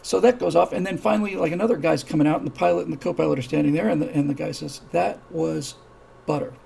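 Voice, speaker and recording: A man's voice: on the high side, rapid-fire, vocal fry, dark tone, a little hiss or hum, low-quality recording. A man hosting a live-streamed show, telling a story in a casual, rambling way, with many restarts, and acting out the characters' dialogue. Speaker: show host.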